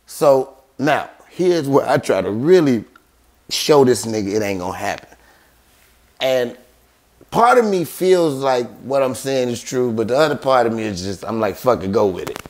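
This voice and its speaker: A man's voice: medium pitch, lively intonation, moderate pace, a little mellow, slight background noise. A man telling a story in casual podcast chat, acting out quoted voices and swearing freely.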